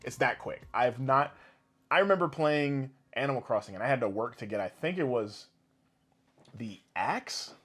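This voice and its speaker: A man's voice: medium pitch, normal speed, faint music behind. A young man co-hosting a casual gaming podcast, telling stories with lots of swearing and big laughs. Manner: animated, swearing, laughing storyteller. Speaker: podcast co-host.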